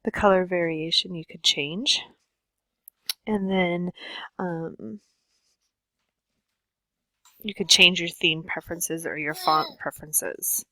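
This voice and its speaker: A woman's voice: fairly low pitch, takes it slowly, pauses often, bright, forceful tone, no echo, poor audio. A woman teacher walking students through a computer task step by step, patient and instructive with frequent ums. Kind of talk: screen-share tutorial lesson.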